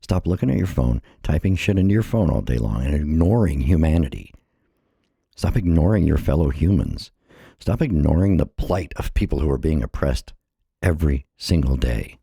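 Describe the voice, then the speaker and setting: Middle-aged man from the States, dark husky bass, a bit breathless, impassioned solo vlog rant. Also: lively intonation, moderate pace, no echo, studio quality. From United States. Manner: earnest, impassioned, repeats phrases. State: a little out of breath. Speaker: vlogger. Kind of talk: personal monologue.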